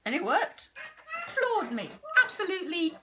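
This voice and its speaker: A woman's voice: extremely high pitch, big pitch swings, measured pace, background noise. A woman, a parent, speaking candidly in a casual vlog monologue, frank and self-deprecating. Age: adult parent. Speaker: vlogger.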